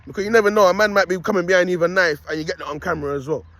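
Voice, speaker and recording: Here a young self-proclaimed prophet vlogger races through a rambling sermon, phone in hand, walking his dog outside. His voice sits high and a bit bright, with no echo, and "you get me" and "people." keep cropping up.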